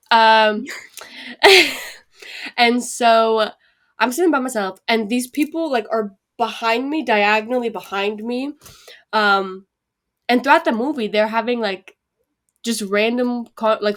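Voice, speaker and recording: A young woman co-hosting a podcast, telling a story in an animated, casual way with plenty of swearing. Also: fairly high pitch. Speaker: podcast co-host. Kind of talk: casual chat.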